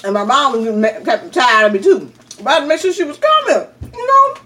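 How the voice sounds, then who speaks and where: A middle-aged woman vlogger telling a story in a chatty, animated way and often calling out to her viewers. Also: high voice, moderate pace, distant mic. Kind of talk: casual storytelling.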